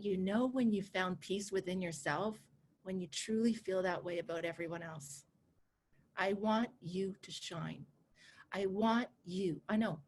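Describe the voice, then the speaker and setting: A woman in her forties teaching a live online coaching class over a video call, chatty and animated, laughing easily and repeating herself. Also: mid-range voice. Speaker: coach and course instructor.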